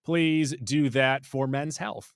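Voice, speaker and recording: A male co-host on a movie podcast chats casually and playfully, joking and rattling off lists. His mid-range voice is steady and clean in tone, and he takes it slowly. The audio is clean studio sound without echo.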